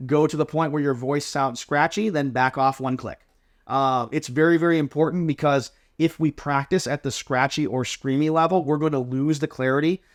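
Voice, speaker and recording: Man coaching, slightly high voice. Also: steady tone, moderate pace. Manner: explains step by step, demonstrates sample answers. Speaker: drill team coach. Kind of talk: casual instructional chat.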